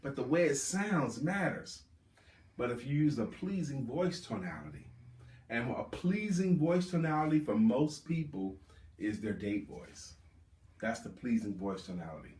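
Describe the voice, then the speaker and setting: A man coaching a live audience on sales, speaking with emphatic, drawn-out stress on key words. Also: medium pitch, big pitch swings, a little mellow, a little hiss or hum. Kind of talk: live sales workshop talk. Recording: roomy, distant mic.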